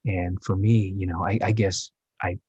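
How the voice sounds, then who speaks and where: A man in his fifties, a guest actor telling his story in an interview, halting and reflective with many restarts. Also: sits low, little pitch movement, mellow, slightly rough, no echo, lo-fi sound.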